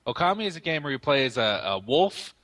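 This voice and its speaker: A young man in a casual podcast chat, with a bright, slightly sharp tone. He explains things at length and pads his sentences with hesitant fillers. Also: mid-range voice, big pitch swings, brisk. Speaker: podcast co-host.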